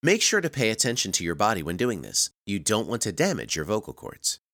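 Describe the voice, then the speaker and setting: A man giving scripted narration for a communication skills course, reading in an even, measured way and stressing key words. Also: fairly low pitch, no echo, clean studio sound.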